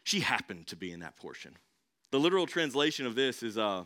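A man's voice: medium pitch, very animated, fast, pushed and bright. A young adult man preaching a sermon as pastor, emphatic, repeating key phrases and putting questions to the congregation.

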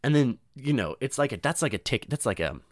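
A young man telling a long comic story in a loose, rambling way, swearing often and saying "dude" and "you know", with restarts and sudden high voices for the people he quotes. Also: animated, a little fast, no echo, studio quality.

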